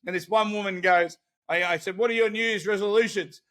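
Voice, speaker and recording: An Australian man tells stories with lots of energy and frequent laughs in a relaxed podcast conversation. His voice sits high and sounds bright. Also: a little fast. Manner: animated storytelling, laughs often. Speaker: guest, celebrity interviewer. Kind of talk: casual podcast chat.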